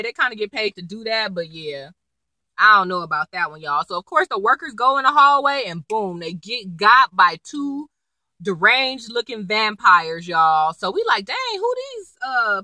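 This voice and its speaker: Bright, lively young woman recapping TV. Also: a little high, dry recording, low-quality recording. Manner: animated, slangy, acts out quotes. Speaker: TV episode reviewer. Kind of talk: casual chatty recap.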